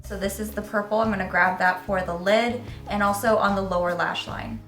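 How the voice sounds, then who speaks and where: A woman's voice: mid-range voice, fairly even intonation, brisk, reverberant, loud music behind the voice. A woman vlogger giving a candid makeup review and demo in a chatty, step-by-step way. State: voice cracking slightly. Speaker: beauty vlogger.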